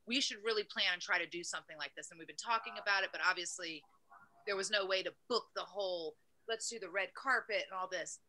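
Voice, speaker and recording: A woman's voice: mid-range voice, fast talker, bright, forceful tone. A woman co-hosting a casual talk show, talkative and gushing. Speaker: co-host. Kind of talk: casual chat.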